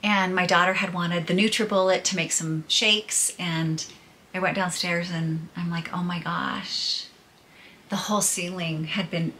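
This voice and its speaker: Chatty middle-aged woman vlogger, candid storyteller, bright and lowish voice. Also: a little hiss or hum. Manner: chatty, candid, laughs through hard news. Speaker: podcaster and vlogger. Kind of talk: casual personal storytelling to viewers.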